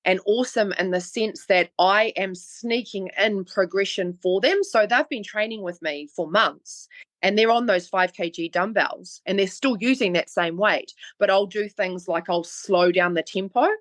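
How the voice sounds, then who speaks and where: A woman's voice: medium pitch, no room sound. A woman with a New Zealand accent, a fitness coach talking earnestly in a casual podcast conversation. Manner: chatty and earnest, talks fast in bursts. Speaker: guest, online fitness coach.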